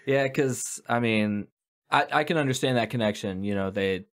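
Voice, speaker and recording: A man's voice: mid-range voice, moderate pace. A man co-hosting a podcast, rambling with hesitations and swearing as he talks through films. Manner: rambling, hesitant, full of "you know" and swearing. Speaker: podcast co-host. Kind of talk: casual movie chat.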